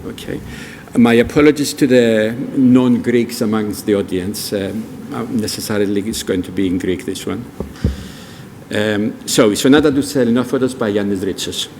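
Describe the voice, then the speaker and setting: An older man speaks at a public event in a large museum hall, storytelling and putting questions to listeners. His voice is lowish and a little mellow, with fairly even intonation and a moderate pace, against long reverb, faint room ambience, and a little hiss or hum.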